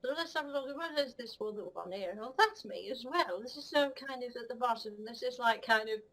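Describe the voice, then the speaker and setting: A woman with a slightly high, quick, somewhat bright voice plays a vain, cheeky female cat in a comic puppet-style monologue. She rambles cockily and rudely, giggling as she admires herself. The recording quality is poor.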